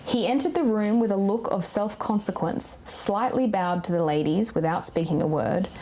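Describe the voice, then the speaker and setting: An enthusiastic woman co-hosting a casual podcast chat. She swears freely and talks with obvious relish. Her voice sits at a middling pitch. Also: normal speed, mellow. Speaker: podcast co-host.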